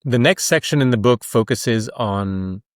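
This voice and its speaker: A man's voice: mid-range voice, unhurried, no echo, studio quality. Emphatic male guest explaining ideas. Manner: explanatory, emphatic, uses rhetorical questions. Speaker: author and coach, podcast guest. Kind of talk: conversational interview.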